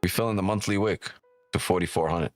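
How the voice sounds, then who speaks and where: A man's voice: deep voice, fast talker, no echo, soft background music. A man hosting a live trading stream, joking and teasing viewers in casual, profane banter. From New York.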